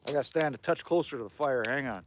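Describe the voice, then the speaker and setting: A man's voice: mid-range voice, fast talker, a little hiss or hum. A Canadian man hosting a casual livestream outdoors by a fire, chatting and reading viewer comments in a rambling way and swearing now and then. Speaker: livestream host.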